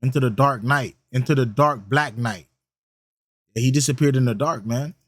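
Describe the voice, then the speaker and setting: A man's voice: medium pitch, moderate pace, no echo. Slangy rambling man reacting, dry sound. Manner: rambling, repeats lines back and muses on them; slangy, many fillers and restarts. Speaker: reaction channel host. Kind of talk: casual reaction commentary.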